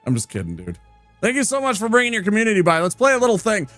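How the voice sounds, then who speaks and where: A playful male streamer chatting over his gameplay with a fairly high, bright-toned voice. He teases and jokes as he talks, recorded close and dry. Faint music sits in the background. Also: huge pitch swings, rapid-fire, dry recording. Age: adult. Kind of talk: casual gameplay commentary.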